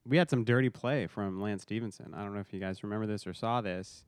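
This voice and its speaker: A man co-hosting a casual sports podcast, excitable and laughing a lot as he recaps games. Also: fairly low pitch, fast, dry recording, studio quality. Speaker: podcast co-host.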